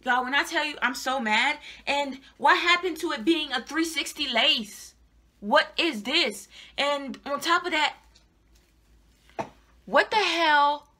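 A woman's voice: high-pitched, unhurried, pushed and bright. A young adult woman giving a casual, exasperated product review to her viewers, repeating herself and swearing. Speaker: hair reviewer vlogger.

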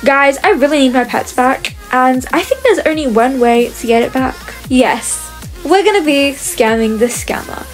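A young woman with a high voice talks her viewers through a game, chatty and quick to sound fed up. She calls out to her audience as she plays. Faint music sits under her voice. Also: animated. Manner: exasperated, chatty, addresses viewers as guys. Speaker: gaming video creator.

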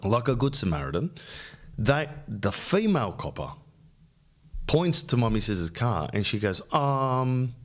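A man's voice: lowish voice, very animated, moderate pace, long pauses, fairly bright tone. An Australian man hosting a podcast, telling rambling comic stories and swearing freely. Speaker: podcast host. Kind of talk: comedic storytelling.

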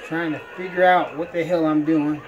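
A man's voice: fairly high pitch, fairly even intonation, moderate pace, muffled recording, a little hiss or hum. A man giving playful let's-play commentary, laughing often as he talks. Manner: playful, laughs often, folksy drawl-like phrasing. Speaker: gamer.

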